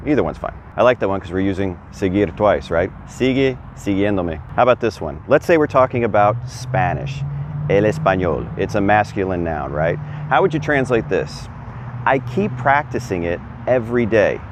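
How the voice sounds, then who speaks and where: A man's voice: fairly low pitch, animated, normal speed, background noise. A man giving a casual, chatty video lesson as a Spanish teacher, quizzing the viewer and encouraging them. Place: outdoors. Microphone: camera on a stand.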